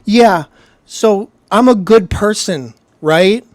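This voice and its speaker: A whiny, self-pitying grown man, put on by a streamer mocking someone, who drags out his complaints slowly and keeps ending them with "eh?". The voice sits in a dead, dry room with no echo. Every line sounds sorry for itself. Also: sits high, pitched above the performer's own voice. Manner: whining, ends lines with "eh?".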